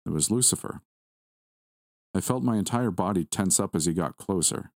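Deep-voiced man narrating a horror story. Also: lively intonation, normal speed, no room sound, studio quality. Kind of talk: scripted first-person horror narration.

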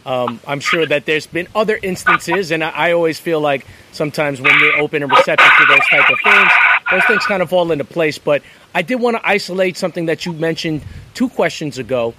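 A man's voice: a little high, heavy background noise. A male interviewer who asks thoughtful questions and keeps the talk going with attentive "mm"s. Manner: attentive, backchannels with "mm".

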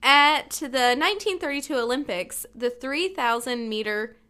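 A woman's voice: sits high, normal speed, bright, forceful tone, smooth. A woman co-hosting a morning radio show, chatty and laughing as she reads out fun facts. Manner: chatty, laughs at her own stories.

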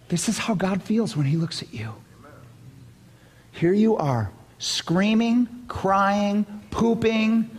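An older pastor with a very high, husky voice preaches a sermon through animated storytelling punctuated by emphatic bursts. The recording has long hall reverb.

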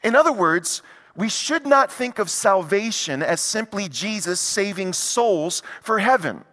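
A man's voice: high-pitched, a bit bright. A middle-aged man preaching a sermon to a congregation, emphatic and repetitive, building in intensity. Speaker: pastor. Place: church sanctuary. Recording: long reverb of a large hall.

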